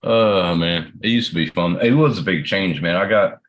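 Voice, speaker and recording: Man, very low voice, casual chat, swears a lot, laughs often. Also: moderate pace. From Pennsylvania, USA.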